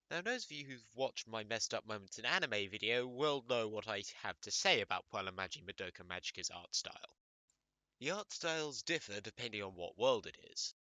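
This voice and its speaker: A man's voice: fairly low pitch, pushed and bright, no room sound. Wry man narrating an anime essay. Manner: crude, wry humor. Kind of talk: scripted comedic commentary.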